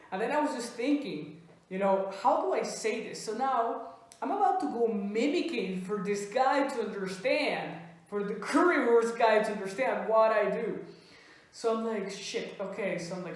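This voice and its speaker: Woman doing stand-up in echoey room. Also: moderate pace. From Venezuela. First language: Spanish. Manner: animated, acts out dialogue with pitch jumps. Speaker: stand-up comedian. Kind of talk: stand-up comedy storytelling. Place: small comedy venue.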